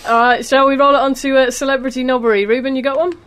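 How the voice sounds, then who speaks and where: A woman's voice: high voice, level tone, fast, fairly bright tone, clean tone. A woman co-hosting a comedy podcast, teasing the others and laughing a lot. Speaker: podcast co-host. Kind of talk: casual banter.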